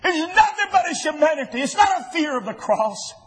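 A man preaching a sermon to his church, telling the story with fervor and often building to impassioned shouting. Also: very high voice, sing-song, fairly quick, rough recording.

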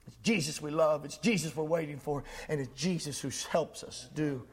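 A man's voice: a little high, moderate pace. A man preaching a sermon with fervent, emphatic repetition.

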